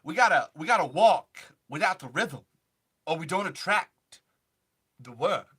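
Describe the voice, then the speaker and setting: A man doing a comic impression of a quirky oddball who rambles with strange, halting phrasing. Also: fairly high pitch, animated, pushed and bright, slightly rough, exaggerated voice. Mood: offbeat. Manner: odd halting phrasing, offbeat pauses.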